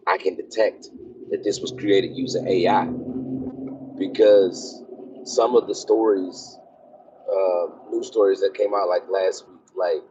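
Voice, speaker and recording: A low-pitched, somewhat mellow male voice belongs to a military officer rambling through a filler-laden vlog as he drives onto a base. A little hiss or hum sits under the dull lo-fi recording.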